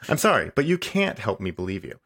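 Guy doing a smug passive-aggressive chatbot, talks fast, insists it's always right. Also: lowish voice, full character voice. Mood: self-righteous. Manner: insistent, repetitive, ends lines with flat "smiley face". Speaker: podcast host. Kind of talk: comedic dramatic reading of a chat log.

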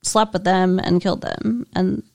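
A woman co-hosting a casual movie discussion, blunt and quick to groan in disgust. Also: fairly low pitch, fairly even intonation, gravelly, darkish tone, no room sound. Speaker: podcast co-host.

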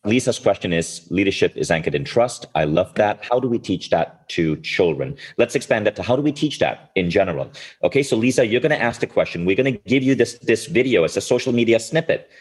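A man's voice: on the low side, lively intonation, fairly quick, hardly any pauses, darkish tone, breathy edge. A man hosting a live online interview, appreciative and upbeat when bringing people on. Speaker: host.

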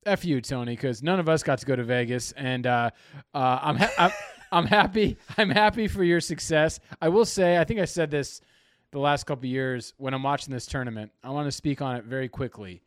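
A man's voice: mid-range voice, a little fast, no room sound, clean studio sound. A man in his thirties, a podcast co-host, chatting casually and rambling a bit. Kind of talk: casual chat.

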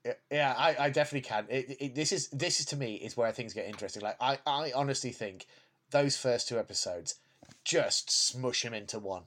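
Halting, word-repeating man in casual chat. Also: mid-range voice, a bit bright, slight background noise. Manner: hesitant, stumbles and repeats words, laughs easily. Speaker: podcast co-host.

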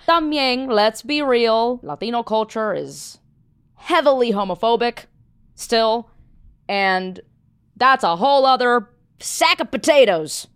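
A woman's voice: fairly high pitch, expressive, takes it slowly, clean tone. A woman co-hosting a podcast, supportive and playful, dropping in Spanish asides. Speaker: podcast co-host. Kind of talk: casual chat.

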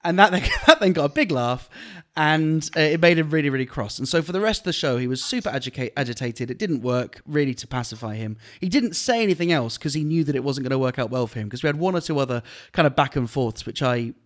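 A man, a comedian, telling a story on a podcast in an animated way and laughing often. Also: on the high side, quick pace. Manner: animated, laughing while retelling an anecdote. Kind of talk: casual storytelling chat.

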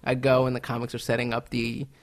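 Comedian man as interview guest, animated storyteller, mid pitch. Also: fast talker. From United States. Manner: animated anecdotes with laughs.

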